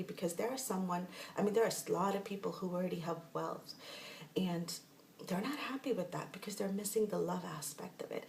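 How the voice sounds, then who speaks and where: A woman's voice: lowish voice, gravelly, a little mellow. A woman talking through a spiritual practice in a casual, rambling way, often restarting her sentences. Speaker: spiritual teacher. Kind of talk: casual guided instruction. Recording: roomy echo, mic at a distance, faint noise.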